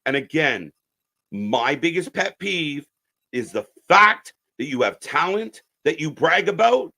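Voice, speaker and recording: A man ranting on a live stream as a wrestling commentator, profane and mocking, swinging between muttering and shouting. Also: on the high side, sing-song, a little slow, vocal fry.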